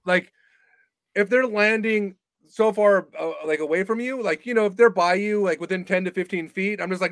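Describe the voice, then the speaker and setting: A man's voice: high-pitched, moderate pace, fairly bright tone, no echo. A man co-hosting a disc golf podcast, talking casually and rambling with lots of fillers. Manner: rambling, filler-heavy, joking. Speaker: podcast co-host. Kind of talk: casual chat.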